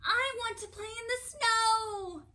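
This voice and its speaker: A woman doing an eager shouting boy frog. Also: slow, heavily acted. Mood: excited. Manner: loud, high and insistent.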